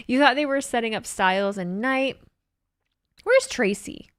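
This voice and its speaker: A woman's voice: on the high side, expressive, measured pace, dry recording, clean studio sound. A woman streamer chatting casually and sarcastically with her live chat while reacting to a show.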